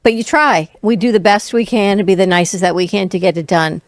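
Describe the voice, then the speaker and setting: A woman co-host in a casual chat, asking questions in a measured way. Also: mid-range voice, no room sound, studio quality.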